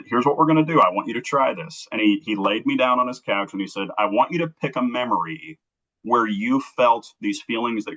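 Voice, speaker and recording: A man from Kansas City telling an emotional personal story as a guest, earnest and halting, acting out the dialogue he quotes. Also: on the low side, sharp tone. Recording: dull lo-fi recording.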